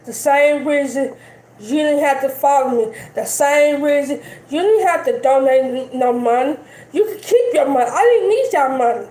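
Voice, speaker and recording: Defiant high-voiced woman ranting. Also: lively intonation, normal speed, warm tone. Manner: defiant, repetitive, dismissive. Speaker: streamer. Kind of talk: live-stream rant. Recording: echoey room with faint music.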